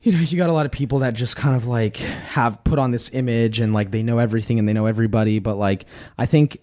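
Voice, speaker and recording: A man's voice: medium pitch, fairly even intonation, fast talker, warm tone. A young man talking casually on a podcast, chatty and filling his sentences with "like". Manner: chatty, peppers speech with "like". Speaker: content team member.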